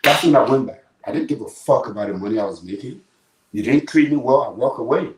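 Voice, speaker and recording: A man from Liberia with a Liberian accent talks as an interview guest, blunt and animated, and he swears without a second thought. He sits well back from the mic, so his voice comes through distant. The room around him is echoey. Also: mid-range voice, quick pace. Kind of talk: live interview storytelling.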